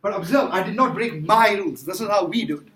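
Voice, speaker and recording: A math teacher lectures a calculus class in a high-pitched, fast, fairly bright voice. Emphatic and repetitive, he quizzes students while working through problems, in an echoey classroom with faint noise.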